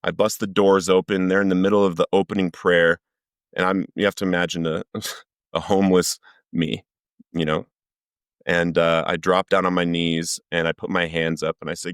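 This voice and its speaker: A man's voice: sits low, flat delivery, normal speed, smooth, no room sound, clean studio sound. A man, a podcast guest, giving an earnest personal recovery testimony as vivid storytelling that acts out the lines he quotes.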